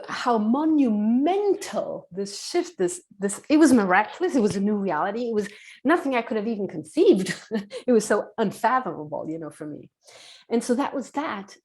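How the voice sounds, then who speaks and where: A woman telling a personal story as a podcast guest, earnest, acting out dialogue in a hushed voice. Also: on the high side.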